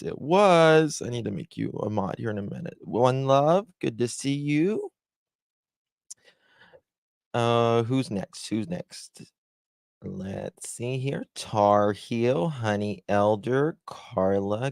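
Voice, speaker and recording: A man's voice: mid-range voice, creaky, darkish tone, no echo. A man hosting a true crime live stream from his room at home, casually greeting viewers one by one and calling them honey and sweetheart. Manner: greets viewers by name with pet names. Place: room at home with blinds closed.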